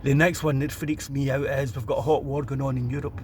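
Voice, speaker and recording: A man's voice: medium pitch, little pitch movement, fairly quick, darkish tone, slight background noise. A middle-aged Scottish man delivering a blunt, ranting opinion monologue, stumbling over repeated restarts. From Scotland. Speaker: vlogger.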